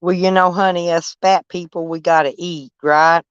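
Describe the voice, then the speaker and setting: A woman's voice: on the low side, steady tone, moderate pace, smooth, dry recording. An older woman, chatting casually with live-stream viewers in a rambling, folksy, blunt way with frequent swearing. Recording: dull, dry lo-fi stream audio.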